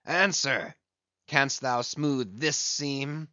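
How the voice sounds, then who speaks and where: A man's voice: medium pitch, drawn-out words, bright, forceful tone, dry recording, lo-fi sound. A man reading an audiobook, voicing an obsessed, brooding old sea captain who speaks in passionate, commanding old-fashioned speech. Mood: intense.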